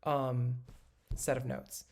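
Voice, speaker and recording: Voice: medium pitch, level tone, slow pace, a little mellow. A music instructor gives a recorded lesson, talking casually and patiently while drawing notation, with many ums and self-corrections.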